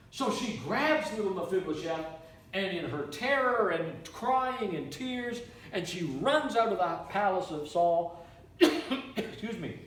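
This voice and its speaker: A man from Canada, a preacher telling a story in a sermon with animated, repetitive delivery. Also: sits high, slow pace. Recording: echoey room, mic from far off.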